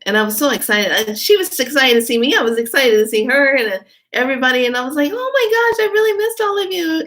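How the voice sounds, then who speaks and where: Woman, spiritual vlogger, casual storytelling, animated self-quotes. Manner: animated, jumps high in pitch when quoting herself.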